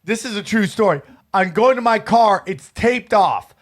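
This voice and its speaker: A comedian telling stories in casual podcast chat, acting out the people in them with lively voices. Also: male voice, sits high, moderate pace. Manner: animated, acts out voices in stories.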